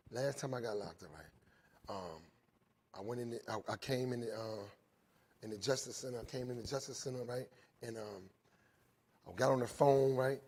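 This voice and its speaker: A man's voice: mid-range voice, breathy edge. A middle-aged man giving an earnest recovery testimony to inmates at a jail, tagging almost every sentence with "right?" and repeating his phrases as he tells his story. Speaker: recovery speaker. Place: speaking live to inmates inside a jail.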